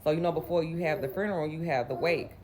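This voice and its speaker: A woman's voice: sits low, fast talker, a little mellow, slight background noise. A Southern US woman from Mississippi in her late twenties, telling a personal story in a candid, rambling way. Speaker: vlogger.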